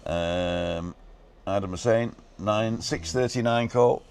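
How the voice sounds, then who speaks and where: A man hosting a casual live stream from a balcony, talking fast and reading out viewers' comments and names. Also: on the low side, darkish tone, smooth. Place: balcony outdoors.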